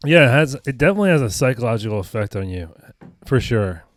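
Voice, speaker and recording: A man's voice: mid-range voice, sing-song, fast talker. A young man co-hosting a comedy podcast, telling stories in a laid-back way and often asking "you know what I mean" in casual chat.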